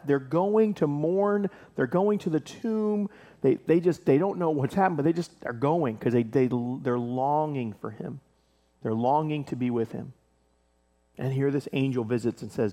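A man preaching a casual, animated sermon, explaining scripture and acting out the characters with playful voices. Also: on the high side, normal speed, big-room sound. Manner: animated, acts out biblical scenes with playful voices and laughs. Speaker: pastor.

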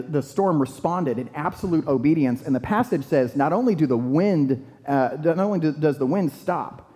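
A man preaching a sermon in a lively, conversational way, acting out the disciples' panic. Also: on the high side. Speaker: pastor. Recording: long hall reverb.

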